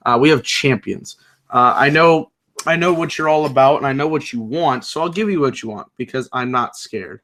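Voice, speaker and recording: A young man talks through a wrestling episode in a loose, rambling way, with plenty of ums and asides. His voice is bright and forceful and sits in a middle pitch. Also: moderate pace. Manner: loose, rambling, many fillers, reads live chat aloud. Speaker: wrestling show reviewer. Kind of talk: casual recap and commentary.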